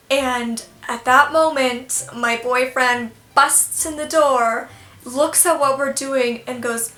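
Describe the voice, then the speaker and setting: A young woman vlogger telling a storytime tale in an animated, self-deprecating way, laughing at herself. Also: high voice, slow pace. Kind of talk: storytime vlog. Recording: echoey room, faint music.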